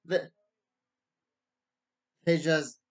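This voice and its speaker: A man with a slightly high voice talks slowly through a casual book review. He rambles and keeps stopping to restart his sentences. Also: level tone. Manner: rambling, stop-start with many restarts.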